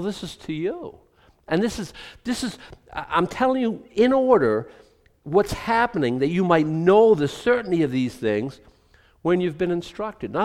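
A man's voice: medium pitch, big-room sound. A man preaching a sermon as pastor, conversational and joking, full of asides and restarts.

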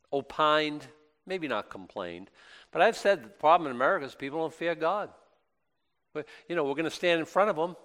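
A man's voice: fairly high pitch, fairly bright tone. A man preaching a sermon in a chatty, self-deprecating way, with joking asides between scripture readings. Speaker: pastor.

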